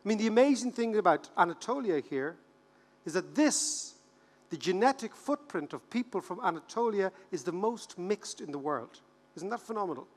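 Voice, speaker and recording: An Irish man in his fifties giving a humorous conference keynote, animated and joking, repeating words for rhythm. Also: high voice, moderate pace. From Ireland. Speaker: keynote speaker. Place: large conference hall. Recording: reverberant conference hall.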